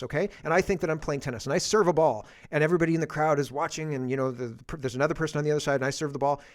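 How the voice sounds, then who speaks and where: Frustrated, profane man ranting. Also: a little high. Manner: frustrated, profane, emphatic repetition. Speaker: show host. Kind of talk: heated political talk show rant.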